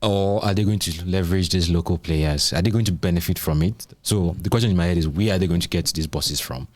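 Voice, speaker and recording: A man's voice: low-pitched, fast talker, a little mellow, no echo. A man hosting a tech podcast, asking questions in a casual, playful conversational way. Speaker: podcast host.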